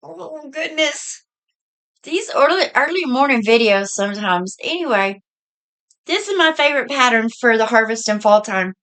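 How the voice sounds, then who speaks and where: A middle-aged woman with a Southern US accent, a bit hoarse, chatting in a folksy way through a casual haul video. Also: on the high side, animated, normal speed, a bit bright. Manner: chatty, folksy, says y'all. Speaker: vlogger.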